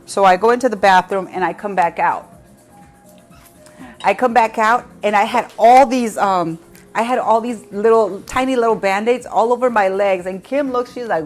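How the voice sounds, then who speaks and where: Faint music plays behind this cooking show host, whose mid-range voice moves a little slowly. The middle-aged woman runs a casual live class from her home kitchen, telling warm, chatty stories, laughing, and speaking directly to viewers.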